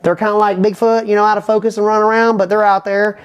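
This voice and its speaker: A man telling a rambling comic story, animated and full of asides. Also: sits high, clean tone. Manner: fast, animated, repeats "you know what I'm saying". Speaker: comedian.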